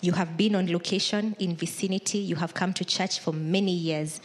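A woman's voice: lowish voice, fairly even intonation, moderate pace. Conversational woman pastor preaching. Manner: conversational preaching, acts out imagined inner thoughts. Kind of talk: sermon.

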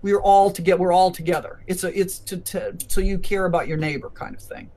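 A self-contradicting male health official, changing his advice again and again, as a man mimics him, in a fairly high voice. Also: fairly even intonation, a little fast, darkish tone, natural voice. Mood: mocking. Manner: contradicting himself.

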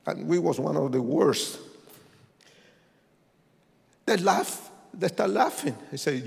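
A man telling his testimony like a sermon, acting out voices and rising to shouts. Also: fairly high pitch, unhurried, creaky, long pauses. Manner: animated, acts out voices, swings to shouts. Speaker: testimony speaker. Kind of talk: preached testimony storytelling. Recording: long hall reverb.

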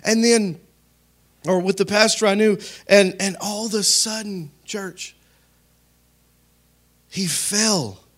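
A man preaching a sermon as pastor, talking straight to his congregation in a conversational way, rising to loud emphatic peaks and dropping to quiet asides. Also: high-pitched, slow, long pauses. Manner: conversational, addresses the congregation directly.

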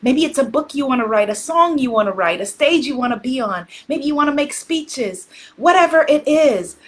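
A woman coaching a live tapping session, calmly guiding listeners and leading phrases for them to repeat, quiet and slow during the tapping rounds. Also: sits high. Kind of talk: guided tapping exercise on a live stream.

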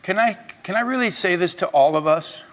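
A middle-aged male pastor preaching a sermon, swinging between loud urging and quiet, confessional talk. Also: high-pitched, lively intonation, brisk.

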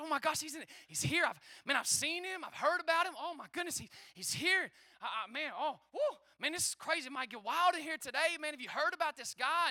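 A high-voiced man preaches with bursts of energy, calling out to his congregation and whooping between points. His tone is bright and forceful, captured dry with no room echo. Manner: energetic, exclaiming and calling on the crowd. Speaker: pastor. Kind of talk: lively sermon.

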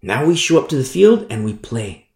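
A man preaching a Bible sermon in a conversational way, repeating and restarting phrases and slowing down to stress key words. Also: mid-range voice, very animated, creaky, darkish tone, roomy sound.

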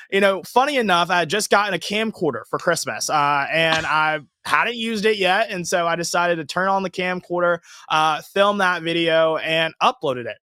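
Bright, crisp young man telling a story. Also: high-pitched, dry recording, studio quality. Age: young adult. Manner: earnest, storytelling, lively. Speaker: guest. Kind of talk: casual interview answers.

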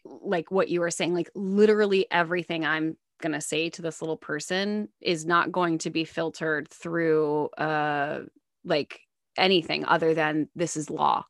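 A chatty, effusive woman hosts a casual interview, her speech full of "like." Her voice sits fairly low. The sound is dry and close. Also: steady tone, measured pace, no echo. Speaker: podcast host, interviewer.

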